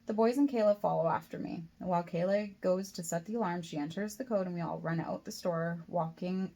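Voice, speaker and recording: A woman's voice: on the low side, darkish tone. A woman reading her own novel aloud as a first-person audiobook, in a plain reading voice that slips and restarts now and then.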